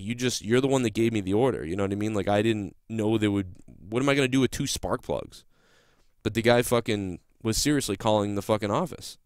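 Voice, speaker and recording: A man's voice: lowish voice, smooth, no echo, studio quality. Profane rambling New man. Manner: rambling, profane, restarts sentences. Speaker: podcast host. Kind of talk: casual storytelling monologue.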